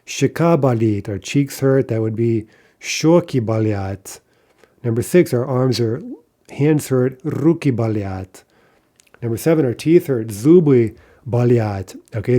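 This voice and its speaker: A man's voice: mid-range voice, warm tone. A man teaching an online language lesson, going through examples one by one and checking in with the listener. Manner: methodical, checks in with "right?" and "okay".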